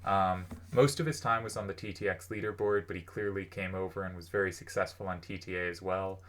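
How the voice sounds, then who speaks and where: A man's voice: low-pitched, steady tone, a little fast, fairly bright tone. A man talking through the history of a card game's players in a casual commentary, thinking aloud with plenty of fillers. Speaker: host.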